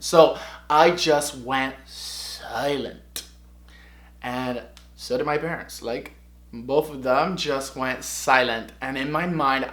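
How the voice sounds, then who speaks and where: A man's voice: mid-range voice, a bit bright. A man in his twenties telling a personal story to camera. He talks expressively and often asks himself questions, then answers them. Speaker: vlogger. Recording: echoey room.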